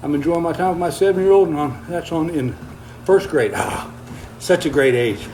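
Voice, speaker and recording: A man's voice: a little high, moderate pace, a little mellow, slight background noise, poor audio. An older man, chatting casually on a livestream, reading viewer comments while walking on a treadmill, folksy and easygoing, slightly out of breath. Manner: folksy, easygoing, chuckles often.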